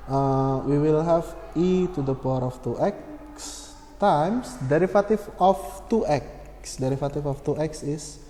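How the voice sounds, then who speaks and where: A man explaining a maths problem step by step, slow and methodical, with many fillers and self-corrections. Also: on the high side, dark tone. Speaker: maths tutor. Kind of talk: screen-recorded maths lesson. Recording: echoey room with long reverb, faint hum.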